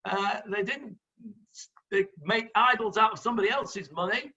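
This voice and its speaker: A man teaching a Bible class as a rabbi, explaining the text in lively fashion and acting out what the characters say. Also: high voice, moderate pace, dull audio. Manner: lively, acts out voices of the characters, interrupts the reader.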